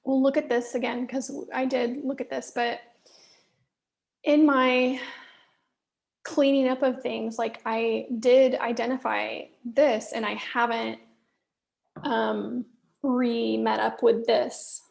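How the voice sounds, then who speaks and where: A woman talks herself through a business review at a slow, halting pace, her slightly high voice full of gravelly creak. She is angry and stressed, swears often, and sometimes sinks to a muttered whisper as she drifts from the mic. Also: level tone, a little mellow. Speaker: solo business vlogger reviewing her own work. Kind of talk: candid solo business check-in.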